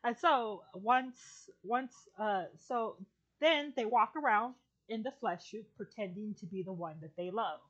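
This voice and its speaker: A woman in casual chat, rambling and restarting as she explains something, swearing freely along the way. Her voice sits in an ordinary middle pitch. The recording sounds dull and lo-fi. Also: a little slow. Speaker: streamer and podcast guest.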